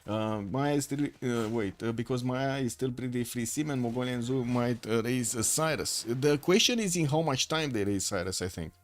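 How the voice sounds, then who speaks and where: A man's voice: medium pitch, moderate pace, few pauses, soft background music. A man giving live commentary on a strategy video game match, thinking aloud with many fillers and restarts. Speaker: esports caster.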